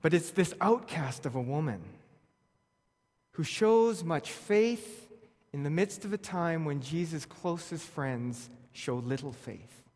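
A man preaching a sermon, telling a scripture story with wry humor and reading verses aloud. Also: on the high side. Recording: long reverb of a large hall.

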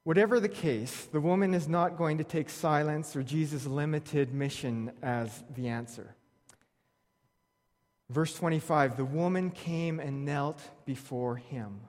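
A man with a somewhat high, darkish voice preaches a sermon at an unhurried pace. He tells a scripture story with wry humor and reads verses aloud, and the long reverb of a large hall surrounds him.

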